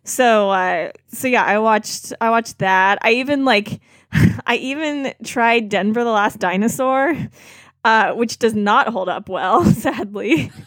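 A woman's voice: a little high, takes it slowly, dry recording, clean studio sound. A woman co-hosting a casual podcast chat, giggling and breaking into silly cartoon impressions. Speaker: podcast co-host.

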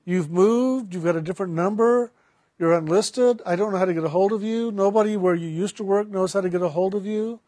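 A man's voice: sits high, fairly quick, dark tone, no echo, studio quality, close to an everyday voice. A man voicing an eager woman in her forties. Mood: excited. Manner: eager, pleading questions. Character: eager middle-aged woman seeking purpose.

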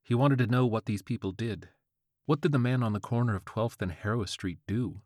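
A man narrating a short story with a wry, deadpan delivery on a close studio mic. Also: medium pitch, brisk, no room sound. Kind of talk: scripted audiobook narration.

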